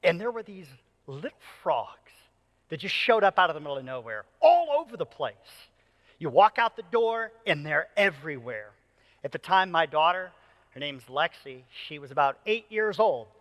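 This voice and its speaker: A man in his thirties delivers a sermon from a church stage, his voice high and bright, swinging widely in pitch. He tells stories with playful jokes for the congregation. A long reverb from the hall trails his words. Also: normal speed. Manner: animated storyteller, playful and joking. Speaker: pastor. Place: church auditorium.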